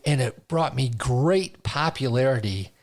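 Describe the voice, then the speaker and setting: A man, a stand-up comedian, telling stories as a guest in a casual interview, animated and often laughing. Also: medium pitch, a little slow. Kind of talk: casual storytelling.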